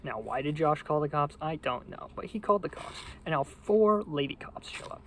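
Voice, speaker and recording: A young man telling a rambling, funny story in a casual, deadpan, profane way. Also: on the high side, normal speed, slight background noise, low-quality recording. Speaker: vlogger.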